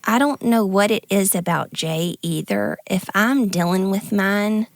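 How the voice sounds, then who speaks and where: A woman co-hosting a podcast, speaking earnestly and tearfully in a halting, confessional way. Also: mid-range voice, dry recording, studio quality. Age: adult with grown kids. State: tearful, near crying. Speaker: podcast co-host. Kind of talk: candid conversational podcast talk.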